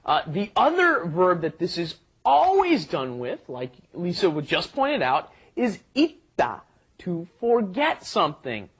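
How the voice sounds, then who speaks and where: A man's voice: high voice, wildly swooping pitch, measured pace, breathy edge. A man co-hosting a casual language lesson, explaining grammar with acted examples. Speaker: co-host teacher.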